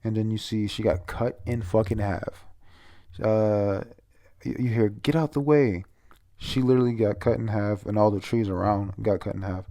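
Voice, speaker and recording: A man's voice: fairly low pitch, steady tone, moderate pace, warm tone. A man casually recapping a manga chapter, rambling, swearing and stumbling over names.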